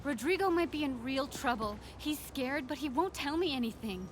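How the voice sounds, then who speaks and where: An actress playing a worried wife asking a hero for help, in a video game. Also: female voice, high voice, lively intonation, moderate pace, slight background noise. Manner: anxious, pleading. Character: worried adult woman caller, anxious wife. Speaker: game character. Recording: game audio under loud music.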